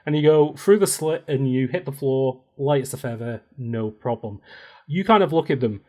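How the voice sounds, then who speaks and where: A man's voice: medium pitch, moderate pace, mellow. A man narrating as game master of a tabletop role-playing game, playful and laughing often.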